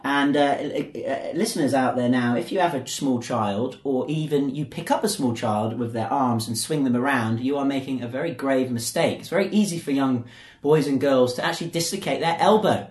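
A man in his thirties hosting a podcast, chatting casually and telling stories in an animated, joking way. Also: medium pitch, normal speed. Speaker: podcast host. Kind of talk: casual chat. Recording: roomy echo.

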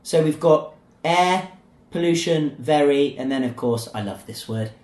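Lively, playful man in an echoey room. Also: on the high side, unhurried. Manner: playful, teasing, leads the banter. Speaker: podcast host. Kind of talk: casual podcast chat.

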